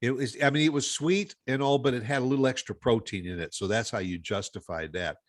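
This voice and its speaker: A man hosting a podcast in casual chat, speaking haltingly with frequent restarts. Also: mid-range voice. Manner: halting, many restarts and fillers. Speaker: podcast host.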